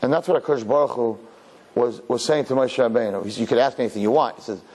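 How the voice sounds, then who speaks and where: A man, a rabbi giving a storytelling sermon, who swings from soft, hushed asides to high, loud bursts when he acts out his own thoughts. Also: fast. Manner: conversational, repeats words, uses Yiddish and Hebrew terms. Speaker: rabbi giving a weekly Torah talk.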